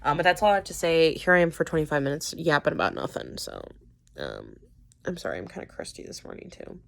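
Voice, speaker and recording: A woman's voice: deep voice, huge pitch swings, fast, gravelly. A young woman with a stuffy nose from a cold, rambling casually in a vlog with many fillers and restarts. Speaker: vlogger reviewing dramas.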